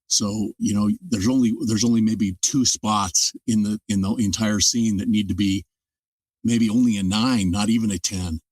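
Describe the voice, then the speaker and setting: An older male audiobook narrator, guesting in a casual interview, explains his craft thoughtfully. His voice is fairly low, steady, darkish, and husky at normal speed, recorded dry from a distant mic.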